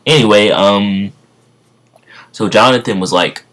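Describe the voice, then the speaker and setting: A man casually retelling a story off the cuff, rambling and halting, with many fillers and self-corrections. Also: low voice, a bit bright. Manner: stumbles over words. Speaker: fan storyteller.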